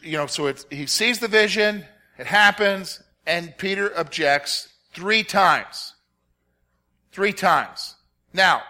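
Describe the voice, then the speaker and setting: A man's voice: sits high, takes it slowly, pushed and bright. A middle-aged man leading an interactive Bible study lesson, repeating his key points and quizzing his listeners with questions.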